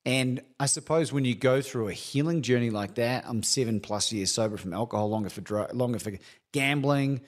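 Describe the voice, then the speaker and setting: A middle-aged man, a coach speaking candidly as a guest, animated and laughing often. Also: medium pitch, a little fast. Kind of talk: candid conversational storytelling.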